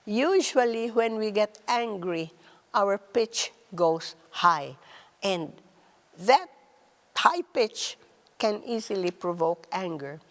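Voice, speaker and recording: A woman hosting a talk on relationships, speaking in a slow, deliberate teaching style. She stresses words and drops softly on key phrases. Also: long reverb tail. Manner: measured, emphatic, drops to a soft low voice on key words. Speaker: host.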